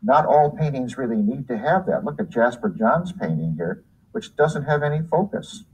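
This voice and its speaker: A man's voice: medium pitch, animated, moderate pace, a little mellow, slightly rough, low-quality recording. A man teaching art in a hands-on demonstration, talking unhurriedly while he works and pointing things out as he goes.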